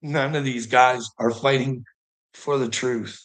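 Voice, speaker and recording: A man's voice: medium pitch, fairly even intonation, unhurried, fairly bright tone. A man ranting in a monologue, heated and swearing constantly, with short laughs between his points. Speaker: vlogger.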